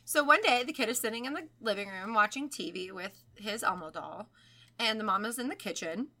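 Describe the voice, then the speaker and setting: A young adult woman co-hosting a podcast, telling a creepy story in casual chat, animated and swearing freely. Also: mid-range voice, brisk. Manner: animated, swearing, acts out quoted voices. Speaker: podcast co-host.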